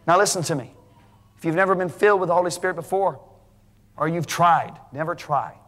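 A man preaching a sermon to a congregation, emphatic and rising to near shouting at high points. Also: brisk. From United States. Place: large church hall. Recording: live sermon in a reverberant hall.

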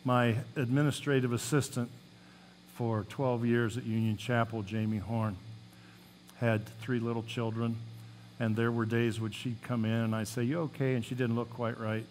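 A man's voice: mid-range voice, level tone, moderate pace, darkish tone, slight background noise. Man preaching, plain mid-range voice. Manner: reads scripture with rising emphasis, then talks plainly; folksy storytelling asides. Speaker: pastor. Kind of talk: sermon.

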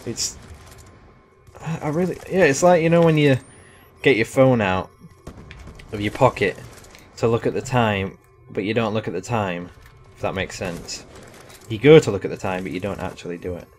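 A man's voice: lowish voice, normal speed, long pauses, soft background music. A young man giving casual, rambling live commentary over a shooter game, chatty and self-deprecating. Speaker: gaming commentator.

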